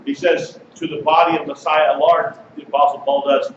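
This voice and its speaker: Male pastor, high voice, conversational sermon, heard from a distance in a noisy, muffled recording. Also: little pitch movement, a little fast. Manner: conversational preaching, reads passages aloud. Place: congregation sanctuary. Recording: distant mic, echoey sanctuary, dull and noisy.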